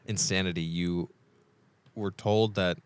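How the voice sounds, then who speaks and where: A man's voice: low voice, fairly even intonation, a little slow, smooth. A man hosting a podcast, reacting bluntly and with disbelief, swearing and laughing often. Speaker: podcast host. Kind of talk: casual podcast chat.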